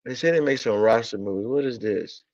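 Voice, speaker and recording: A man's voice: mid-range voice, moderate pace, darkish tone, no echo. A man ranting about football in a casual stream, blunt and profane, repeating himself in exasperation. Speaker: sports talk streamer. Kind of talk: casual sports rant. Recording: dull lo-fi audio.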